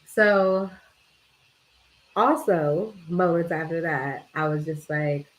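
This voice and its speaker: A woman's voice: sits low, steady tone, slow, rough recording. A young woman telling a casual story to camera, chatty and swearing freely, with lots of "like" and talk of energy and vibes. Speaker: vlogger.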